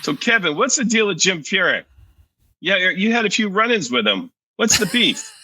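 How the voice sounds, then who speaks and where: A man's voice: high-pitched, sing-song, moderate pace, pushed and bright, dry recording, rough recording. A man hosting a podcast, asking short, playful questions in a casual interview. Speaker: podcast host.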